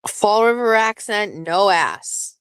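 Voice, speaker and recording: A woman's voice: mid-range voice, slow pace, smooth, no room sound. Woman host from southeastern Massachusetts, loose and chatty, mid-range voice, dry. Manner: chatty, rambling, swears freely; lively, breaks into laughs. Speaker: show host. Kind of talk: casual livestream chat.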